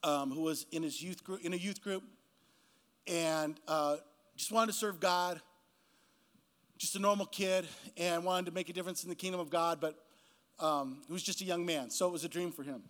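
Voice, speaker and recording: High-voiced man preaching a story. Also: fairly even intonation, fairly bright tone. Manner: casual storytelling, slows and rises for emphasis at the close. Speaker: guest pastor. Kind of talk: sermon storytelling.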